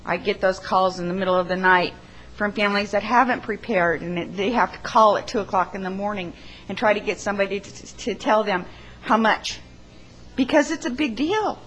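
A woman who works as a funeral arranger, sharing an earnest, emotional testimony in church, halting at times. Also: medium pitch, a bit bright, a little hiss or hum, rough recording.

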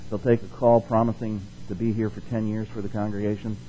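A man teaching a Bible passage in a relaxed, conversational way. He asks the listeners questions, checks in with them often, and slows down and speaks louder when he reads the verses. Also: lowish voice, muffled recording, slight background noise. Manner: slows down and rises in force to stress the scripture he reads. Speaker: preacher.

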